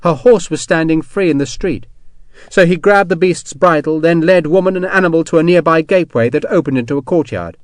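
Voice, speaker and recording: A man narrating an adventure novel in a steady, measured storytelling voice. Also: a little high, dry recording, studio quality. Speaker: audiobook narrator. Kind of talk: scripted narration.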